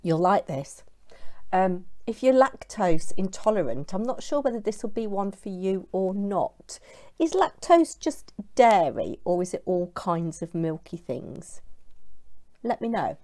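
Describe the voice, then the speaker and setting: British woman, casual vlog host, chirpy and chatty, very animated pitch. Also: unhurried. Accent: British English. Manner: chatty, bubbly, talking while eating. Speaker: craft channel host. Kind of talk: casual chat to camera.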